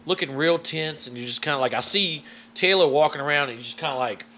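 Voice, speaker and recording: Animated, profane male storyteller. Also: fairly high pitch, quick pace, a little hiss or hum. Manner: animated, profane, swears freely. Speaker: guest. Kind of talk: casual storytelling.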